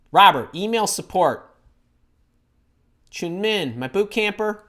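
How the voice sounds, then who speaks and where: A middle-aged man hosting a live career advice stream from home, talking in an excitable, scattered way as he reads the chat. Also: on the high side, a little slow, long pauses. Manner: energetic, excitable, scattered while reading chat. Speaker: host.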